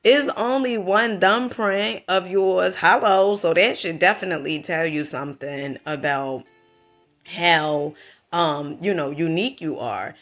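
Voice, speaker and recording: Slow-talking Southern woman giving pep talk. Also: lowish voice, a bit bright, faint music behind. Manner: emphatic, preachy, calls the listener honey, asks right? and okay?. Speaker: vlogger. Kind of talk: motivational talk to camera.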